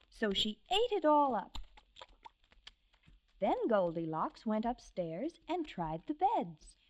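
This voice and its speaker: A woman narrating a children's story with expressive, sing-song delivery, on an old record over orchestra music. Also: medium pitch, background noise. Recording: dull old vinyl record.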